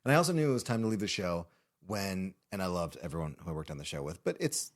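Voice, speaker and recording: Lively storytelling man, lowish voice. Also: quick pace. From Illinois, USA. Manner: animated, laughing storyteller. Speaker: guest actor. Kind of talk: casual interview storytelling. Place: podcast studio.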